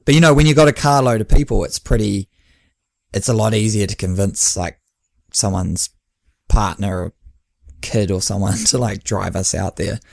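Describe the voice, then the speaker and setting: Chatty low-voiced New man. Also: moderate pace, gravelly, no room sound, studio quality. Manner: chatty, laughing often, acts out his own dialogue. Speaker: podcast co-host and endurance coach. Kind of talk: casual chat.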